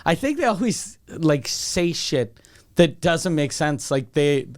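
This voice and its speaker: A man's voice: fairly high pitch, big pitch swings, slow pace. A man hosting a podcast, telling a long, profane, rambling comic story and acting out the lines of the people in it. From Canada. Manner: rambling, profane, acts out quotes. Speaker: podcast host. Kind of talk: casual comedic storytelling.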